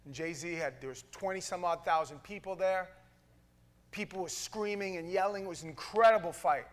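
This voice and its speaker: A man preaching a sermon, telling a story with dramatic swings from hushed lines to loud bursts. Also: sits high, brisk.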